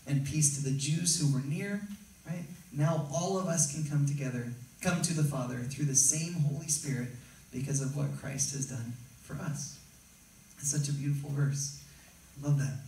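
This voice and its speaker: A man's voice: a little high, a little mellow. A man preaching a sermon as pastor. He talks in a conversational, emphatic way and keeps asking the room "right?". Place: church sanctuary. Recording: very echoey church hall, mic at a distance.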